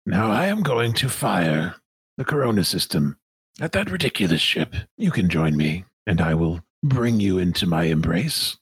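A man voicing a creepy male cult minister who has merged his mind with a sun, speaking in a slow, drawn-out, seductive and menacing way during a tabletop game. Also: deep voice, big pitch swings, a bit bright, husky, no echo, exaggerated voice. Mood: cold.

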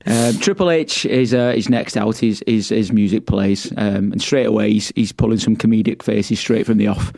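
A man's voice: fairly low pitch, normal speed, vocal fry, few pauses, darkish tone, no echo. A man co-hosting a podcast, recapping a wrestling show in a chatty way, laughing often and repeating his words. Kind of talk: casual chat, play-by-play recap.

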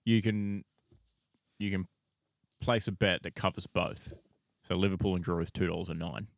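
A man's voice: deep voice, fairly even intonation, moderate pace, creaky, dry recording. A young man, co-hosting a sports podcast, laid-back, chiming in with short agreements and betting odds. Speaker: podcast co-host. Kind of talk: casual sports chat.

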